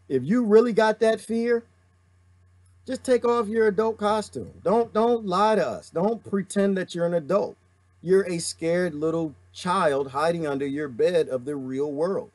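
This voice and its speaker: A man's voice: high voice, moderate pace, darkish tone, no echo. A man hosting a livestream, reading viewer comments and delivering an impassioned, preachy rant full of emphatic repetition.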